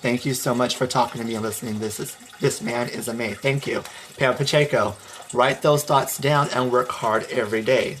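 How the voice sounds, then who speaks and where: A man's voice: medium pitch, fairly even intonation, brisk. Emphatic man on a phone livestream. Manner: emphatic, preachy, reads out viewer comments. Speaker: livestream host. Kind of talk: motivational livestream talk.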